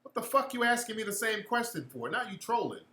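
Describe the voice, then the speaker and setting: A man's voice: high voice, big pitch swings, brisk, bright, forceful tone, reverberant. A man hosting a casual livestream chat, answering viewers in a blunt, slangy, profane way.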